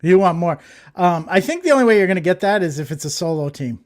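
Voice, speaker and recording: A man's voice: high-pitched, animated, quick pace. A man co-hosting a casual chat show, making dry jokes with a lot of hesitant fillers. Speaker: co-host.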